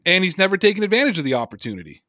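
A man co-hosting a casual sports podcast, talking in an animated, emphatic way and reading chat comments aloud. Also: high voice, racing, no echo, clean studio sound. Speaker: podcast co-host.

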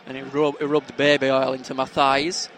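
A man's voice: medium pitch, monotone, normal speed, a bit bright, slight background noise. A man with a Yorkshire accent, co-hosting a podcast and telling jokey stories in casual banter. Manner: chatty, jokey storyteller with dialect grammar. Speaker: podcast co-host.

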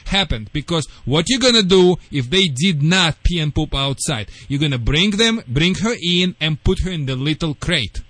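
Non-native guy, dog trainer on radio, high-ish voice, broken english, bossy step by step, dry studio sound. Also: lively intonation, moderate pace, hardly any pauses, fairly bright tone, no echo. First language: not English. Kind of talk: radio call-in advice.

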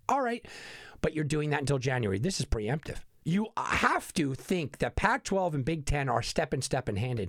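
A man hosts a sports betting show in a lively, animated monologue, his pitch swinging widely as he piles on sarcasm. His voice carries a gravelly edge. He repeats his points for emphasis, sounding thoroughly exasperated. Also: dry recording, studio quality. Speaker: sports betting podcast host.

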